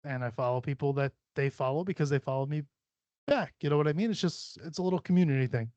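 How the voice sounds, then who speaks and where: A man hosts a casual podcast, rambling loosely and swearing freely, with frequent laughs. His voice sits a bit high, and the close recording is dry and muffled. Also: quick pace, a little mellow, no echo. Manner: profane, rambling, laughs often. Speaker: podcast host. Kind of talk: casual solo podcast chat. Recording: dull, lo-fi sound.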